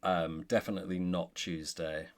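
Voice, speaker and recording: A man, the game master, chatting in a measured, deliberate way after a tabletop session. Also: low-pitched, flat delivery.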